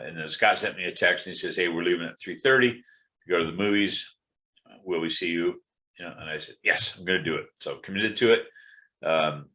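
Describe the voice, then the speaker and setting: A middle-aged man with a very low voice talks through a casual personal update. He sounds congested and tired, rambling candidly with frequent fillers and restarts. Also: bright, forceful tone. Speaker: video blogger.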